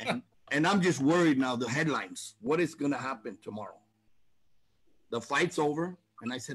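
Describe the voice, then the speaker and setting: Male promoter, animated storyteller, higher husky voice. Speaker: boxing promoter telling a story. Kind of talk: casual storytelling on a talk show.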